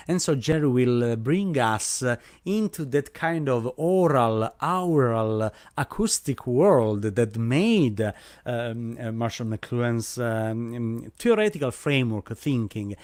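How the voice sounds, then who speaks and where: Expressive yet slow, a man of medium pitch and darkish tone hosts a live online event over a video call. His English is hesitant, with many fillers and restarts, recorded with clean studio sound and no room sound.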